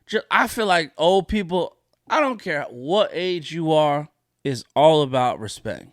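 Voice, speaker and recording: A man's voice: fairly high pitch, lively intonation, a little slow, dry recording, studio quality. A man hosting a solo podcast, ranting in a profane, indignant way and repeating his points for emphasis. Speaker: podcast host.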